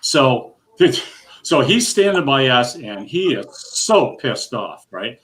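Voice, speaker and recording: A man's voice: mid-range voice, sing-song, slow, fairly bright tone. An older man telling a long, rambling bowling story in casual chat, full of restarts and his own laughter. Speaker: guest storyteller.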